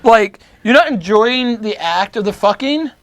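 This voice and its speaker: High voiced guy, crude jokes, dry close mic. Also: expressive, measured pace, fairly bright tone, no room sound. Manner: crude joking banter. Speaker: podcast co-host. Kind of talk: casual chat.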